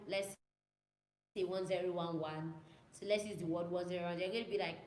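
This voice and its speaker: A woman's voice: on the low side, fast talker, a bit bright, a little hiss or hum. A young woman, a student pilot, chatting casually with viewers, repeating herself and mimicking radio calls. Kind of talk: casual chat answering viewer questions. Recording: echoey room with faint ambience.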